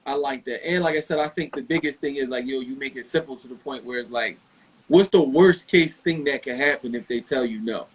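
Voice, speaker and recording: A man's voice: mid-range voice, a little fast, breathy edge, poor audio. A man speaking as a guest in a casual chat, plainspoken and conversational.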